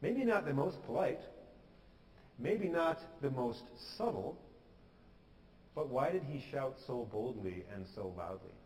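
A man's voice: mid-range voice, lively intonation, a little slow, pauses often, darkish tone, big-room sound, a little hiss or hum, poor audio. A pastor giving an earnest, conversational sermon, sometimes acting out the prayers he quotes. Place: church sanctuary.

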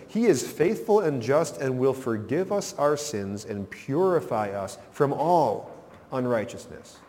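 A man's voice: mid-range voice, darkish tone, long reverb tail. A man preaching a sermon as pastor, emphatic, rising and falling for effect.

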